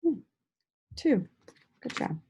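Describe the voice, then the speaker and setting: A woman teacher giving a slow, sing-song lesson to young children, stretching out words and praising them often. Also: warm tone, slight background noise, poor audio. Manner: encouraging, drawn-out words with frequent praise.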